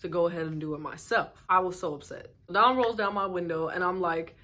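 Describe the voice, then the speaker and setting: A woman vlogger tells a storytime tale in a somewhat low voice. She sounds animated and amused as she recounts it. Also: brisk, hardly any pauses. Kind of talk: storytime narration.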